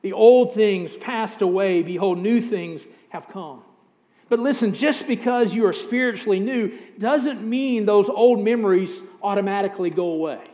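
A middle-aged pastor delivers an earnest sermon, speaking directly to his congregation. His voice sits high for a man, and it rings out with a long reverb through the church sanctuary. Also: normal speed, mellow. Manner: earnest, direct address to congregation with scripture readings.

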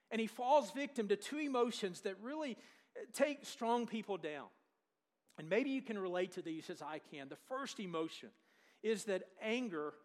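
A male preacher with a notably high voice delivers a sermon. He retells the scripture story in a lively way, asking the congregation questions and dropping in jokes as he goes.

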